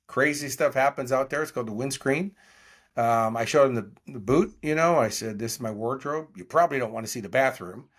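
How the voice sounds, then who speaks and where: Speaking at a quick pace in a slightly rough, medium-pitched voice, this podcast guest in his sixties is an animated storyteller. In a storytelling interview, he performs the quoted dialogue of the characters in his tales.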